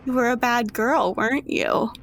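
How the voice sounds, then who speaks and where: A woman's voice: on the high side, fairly even intonation, moderate pace, poor audio. Woman doing a mean nurse, sugary and condescending, slight hiss in the background. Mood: mock-sweet. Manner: mock-gentle, condescending. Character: cruel sweet-talking woman nurse.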